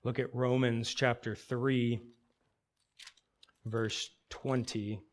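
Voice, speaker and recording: A man preaching an expository sermon, asking rhetorical questions and slowing down to stress key phrases. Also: medium pitch, little pitch movement.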